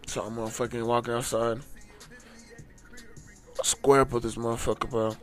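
A man's voice: mid-range voice, normal speed. A young man from the United States recounts a tense run-in in a loose, profane, fired-up way. His voice sits in an ordinary middle register. Faint music plays behind him. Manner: profane, heated, animated retelling. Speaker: storyteller. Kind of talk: casual storytelling to camera.

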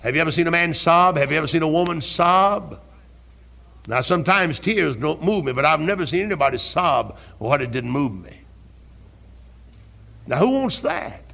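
An older pastor preaches with a gravelly, creaky voice, a bit higher than most men. He hammers home repeated questions and climbs to fervent shouts in his church sanctuary. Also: animated, moderate pace. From American South. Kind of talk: sermon. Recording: 1971 archival church recording.

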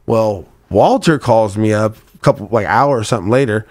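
A man's voice: on the low side, moderate pace, darkish tone, dry recording. A man casually telling a profane story on a podcast, acting out the voices of the people in it. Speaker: podcast co-host.

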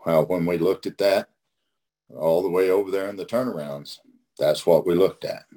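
Deep husky man teaching with folksy emphasis. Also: moderate pace, mellow. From Oklahoma. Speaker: host leading a recovery study. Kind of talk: casual teaching talk.

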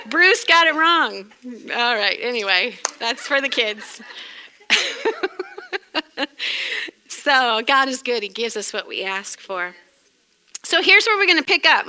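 Speaking in a high register with a New England accent, a middle-aged woman gives a chatty sermon lesson as a Bible teacher. Frequent laughter and lively exclamations punctuate her teaching.

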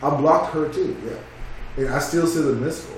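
A man's voice: fairly high pitch, normal speed, over a noisy crowd. Profane storytelling man, distant echoey mic. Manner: profane, animated storytelling with quoted voices. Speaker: podcast co-host telling a story. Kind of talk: casual podcast chat. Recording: echoey room, distant mic, loud noise.

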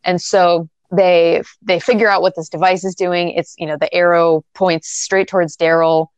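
A woman's voice: lowish voice, little pitch movement, normal speed, clear, resonant tone. A woman co-hosting a casual podcast, recapping a movie in a rambling, profane, sardonic way. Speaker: podcast co-host. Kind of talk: casual film recap chat.

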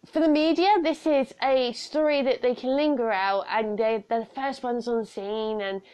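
A woman's voice: fairly high pitch, fairly even intonation, moderate pace, darkish tone, clean tone. A young woman hosting a solo podcast from home, frank and earnest, chatting with many asides. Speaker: podcast host. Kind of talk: casual solo podcast talk on personal safety. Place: room at home.

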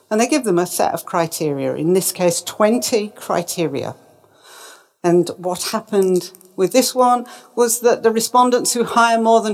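A woman giving a presentation talk, emphatic and lively, putting questions to her audience. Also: mid-range voice. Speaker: speaker.

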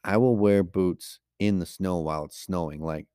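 Mellow-voiced man chatting on a podcast. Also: sits low, fairly even intonation, normal speed, clear, resonant tone, dry recording, clean studio sound. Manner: rambling, restarts, matter-of-fact. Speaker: podcast co-host, mail carrier. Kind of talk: casual podcast chat.

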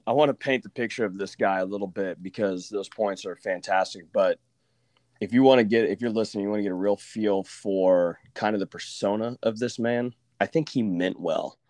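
A man from Oklahoma hosting a casual podcast chat, telling stories with lively asides and mimicking the people he quotes. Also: on the low side, a little fast, dry recording. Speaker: podcast host.

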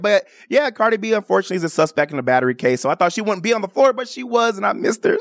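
A man, a radio host, chatting animatedly and giving shout-outs to friends and listeners. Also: high-pitched, animated, racing, gravelly, few pauses, dry recording, studio quality. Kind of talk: casual chat.

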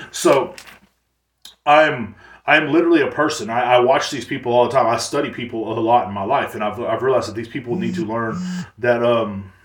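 A man hosting a casual monologue podcast, rambling and boasting, crude and full of fillers. His voice sits at an everyday middle pitch. It sounds echoey, picked up from a distance by the mic. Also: a bit bright. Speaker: podcast host.

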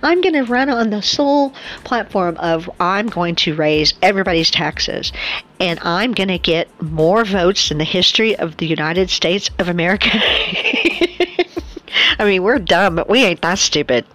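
A woman's voice: normal speed, fairly bright tone. A woman giving a casual political monologue, sarcastic and laughing often. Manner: sarcastic, laughs often, mocks opponents in high put-on voices. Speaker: political commentator.

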